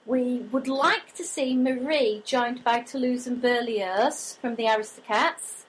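A woman's voice: fairly high pitch, a little slow, slight background noise, poor audio. A woman co-hosting a live podcast meetup, giggling as she reads out a list. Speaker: podcast co-host. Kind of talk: casual live chat.

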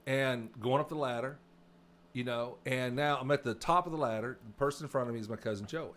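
A man's voice: medium pitch, brisk, a bit bright, a little hiss or hum. A man from South Arkansas with a South Arkansas accent, co-hosting a casual faith talk and telling stories in a rambling way with many restarts. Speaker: podcast co-host.

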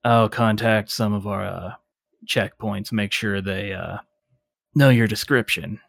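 A man narrating a tabletop game as game master, halting and full of filler words. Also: on the low side, fairly even intonation, creaky, no room sound.

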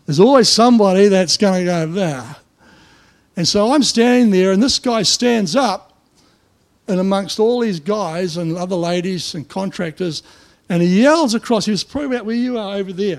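A middle-aged man with a New Zealand accent preaching a sermon in church, telling personal stories in a colloquial, animated way. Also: high voice. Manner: down-to-earth, colloquial, animated storytelling. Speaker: pastor.

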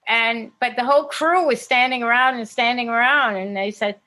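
An older American actress telling lively stories in a casual interview, laughing often. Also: female voice, fairly high pitch, normal speed, poor audio. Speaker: actress and guest.

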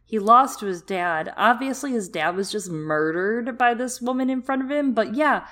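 A woman's voice: a little high, expressive, normal speed, fairly bright tone. A young woman co-hosting a podcast, chatting animatedly about a book with lots of filler words. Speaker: podcast co-host. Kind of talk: casual book discussion.

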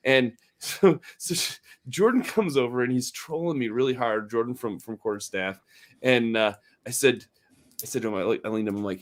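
A man's voice: medium pitch, moderate pace. A man hosting a casual podcast chat, telling a funny story with lots of laughter and restarts. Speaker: podcast host.

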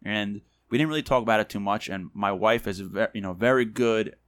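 A male podcast host with a fairly low voice tells a story in a chatty, loose way. He keeps reaching for "like" and "you know". The recording is dry and close. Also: brisk, fairly bright tone, clean tone, no echo. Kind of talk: casual chat.

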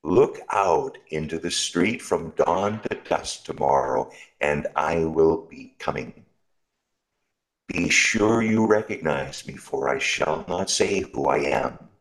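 A man reading aloud, voicing a gentle, unseen divine male voice that speaks in slow, solemn promises. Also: very deep voice, exaggerated voice, low-quality recording.

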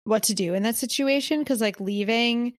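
Young woman host, reactive, a bit high-pitched, dry close sound. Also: moderate pace, no echo. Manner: reactive, exclaiming. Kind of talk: casual chat.

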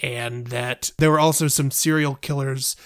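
A man's voice: medium pitch, steady tone, unhurried, dry recording, clean studio sound. A man chatting casually about films and music, giving long loose explanations full of fillers.

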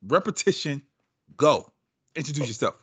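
Male podcast host, casual, animated, teasing. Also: fairly high pitch, moderate pace, breathy edge, no room sound.

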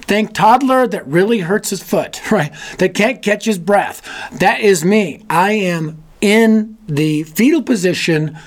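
A man hosting a youth ministry show, telling a story sermon in an animated, self-mocking way. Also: sits high, slow pace. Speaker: youth ministry leader and host.

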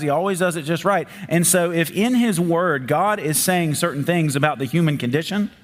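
A man's voice: a little high, in a large hall. A man, a pastor in a sermon discussion, explaining his points firmly and plainly. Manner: firm, plain-spoken explaining.

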